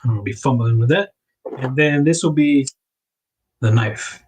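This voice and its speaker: The recording is low quality with slight background noise, carrying a man's darkish, mid-range voice at normal speed. Hosting a casual livestream, he narrates while packing items, rambling and fixing his words with little laughs.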